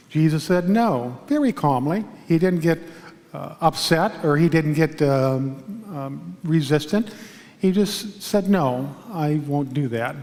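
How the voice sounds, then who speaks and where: A male pastor giving a sermon in a church, telling a story in a calm, measured way with pauses. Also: on the high side, big-room sound. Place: large church sanctuary.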